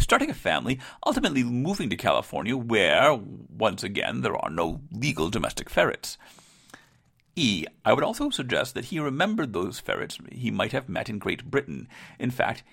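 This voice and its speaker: A man's voice: mid-range voice, vocal fry, a bit bright, husky, heavily acted. A man voicing a woman fan who earnestly argues a quirky theory, in a put-on bad British accent. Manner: earnest, rambling, self-aware. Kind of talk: mock recreation reading.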